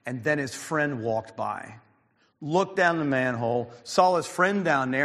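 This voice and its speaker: A man preaching a sermon as a pastor, telling stories with fillers, restarts and an occasional clearing of the throat. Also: a little high, lively intonation, measured pace, fairly bright tone, big-room sound.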